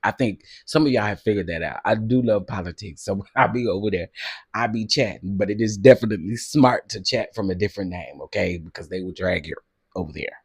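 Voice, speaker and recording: A man hosting a casual livestream, talking to his chat in an animated way and laughing often. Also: on the low side, brisk, breathy edge, no echo, clean studio sound. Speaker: livestream host.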